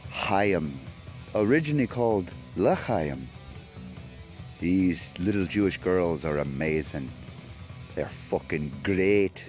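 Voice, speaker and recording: A man's voice: fairly low pitch, a little mellow. A man hosting a solo podcast, talking in a loopy, wandering, jokey way. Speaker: podcast host. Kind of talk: rambling solo podcast chat.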